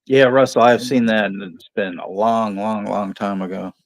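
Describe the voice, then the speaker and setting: A man's voice: lowish voice, fairly even intonation, moderate pace, no room sound. Laughing, profane man with a dry sound. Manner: swears freely, laughs often, tells rambling anecdotes. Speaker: watch party co-host. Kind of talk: casual chat.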